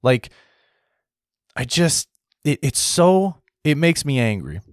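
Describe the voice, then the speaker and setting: American guy ranting to viewers, keeps saying right?, clears throat a lot, dry close recording. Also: fairly high pitch, big pitch swings, slow pace, no echo. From United States. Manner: heated, repetitive, frequent "right?" tags and restarts. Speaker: political commentary host. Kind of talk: opinion monologue to viewers.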